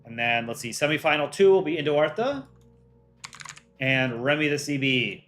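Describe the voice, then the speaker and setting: An easygoing man, a voice actor hosting a livestream, chats casually while reading the chat aloud and running polls. His voice is a little high and his speed normal, with soft music in the background.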